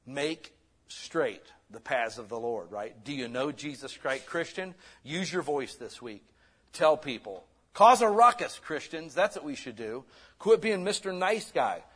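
A man preaching a sermon as pastor, conversational and lively, swinging between loud bursts and soft asides. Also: mid-range voice, unhurried, husky.

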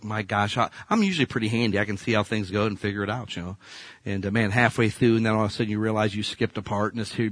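Male pastor, sermon delivery, animated storyteller, bright and slightly high voice, dry recording. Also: no room sound. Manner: animated storytelling, swings from hushed to loud.

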